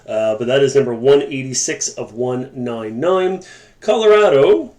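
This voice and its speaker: A man's voice: mid-range voice, lively intonation, unhurried, darkish tone. Chatty man hosting a card break. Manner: chatty, joking asides to viewers. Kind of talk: casual live card-break commentary. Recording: echoey room with faint noise.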